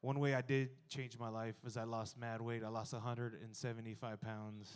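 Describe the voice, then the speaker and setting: A man in his thirties performing a stand-up comedy set, animated and jumping to loud exclaiming in the acted-out bits. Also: medium pitch, normal speed, smooth. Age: 30s.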